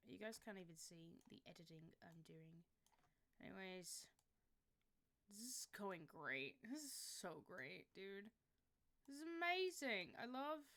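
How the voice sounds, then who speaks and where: A woman chatting casually on a livestream, excitable and foul-mouthed, who yelps and swears when things go wrong. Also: medium pitch. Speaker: streamer.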